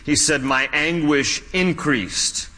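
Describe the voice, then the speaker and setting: A male pastor preaches a sermon in a bright, high voice. He talks to his listeners conversationally and acts out the lines he quotes. A long reverb from the hall trails his words. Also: slow.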